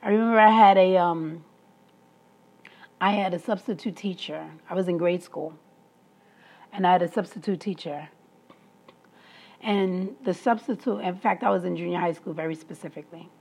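A woman's voice: on the low side, moderate pace, long pauses, a little mellow. A woman talking through a personal story in an emphatic monologue, laughing between her points. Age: adult, past school age.

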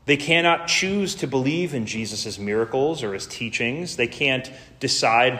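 Slow, earnest male preacher. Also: medium pitch, animated, bright, forceful tone. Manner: earnest, unhurried preaching with emphatic lists. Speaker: pastor. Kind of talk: sermon.

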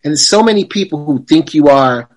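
A man's voice: a little high, lively intonation, moderate pace, a little mellow, low-quality recording. A man speaking as a podcast guest, reflective and rambling, with fillers and restarts. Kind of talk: casual conversation.

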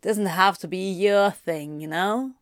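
A cheeky grown male demon, as a woman reader puts him on, sly and coarse-mouthed, drawling his teasing lines slowly. The voice sits close and dry, with no room around it. It reads like a storybook character, playful and smug. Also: on the low side, dry recording. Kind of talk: audiobook reading of fan fiction.

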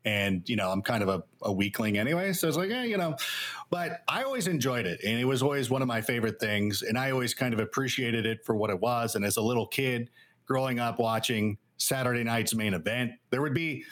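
A man being interviewed on a podcast, telling stories in a rambling, animated way with lots of fillers. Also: mid-range voice, a little fast. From Los Angeles area. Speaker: guest analyst. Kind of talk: casual interview chat.

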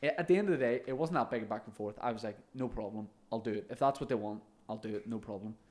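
A man's voice: on the low side, fast, darkish tone. A man, a comedian and podcast co-host, telling stories in casual chat, laughing often and swearing now and then.

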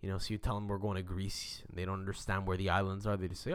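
A young adult man hosting a podcast, telling a story in a rambling, profane, animated rant. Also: low voice, fast talker, few pauses, smooth. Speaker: podcast host.

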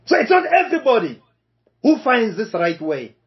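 Male preacher, high animated voice, deliberate and repetitive, muffled lo-fi sound. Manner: slow, emphatic, repeats key phrases. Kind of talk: sermon. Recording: dull lo-fi recording.

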